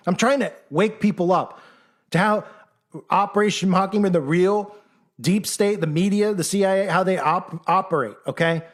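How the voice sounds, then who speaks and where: Man, high-pitched voice, argumentative monologue, combative, mocking, rhetorical questions. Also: normal speed. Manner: acts out critics in mock voices. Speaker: commentator.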